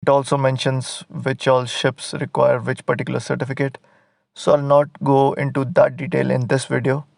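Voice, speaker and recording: A man's voice: mid-range voice, little pitch movement, moderate pace, gravelly, darkish tone, dry recording. A man teaching an exam prep lesson, explaining step by step and telling a story to help students memorize a list.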